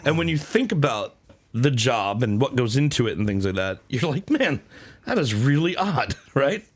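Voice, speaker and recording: A man's voice: medium pitch, moderate pace. A man co-hosting a comedy podcast, chatting casually and jokily, often slipping into a mock sports announcer voice. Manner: jokey, animated, keeps slipping into a mock announcer voice. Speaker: podcast co-host.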